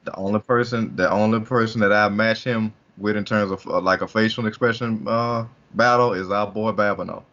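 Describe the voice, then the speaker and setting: A man co-hosting a casual podcast, relaxed and a bit hesitant. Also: fairly low pitch, moderate pace, hardly any pauses, dull audio. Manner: relaxed, hesitant, repeats words. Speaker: podcast co-host.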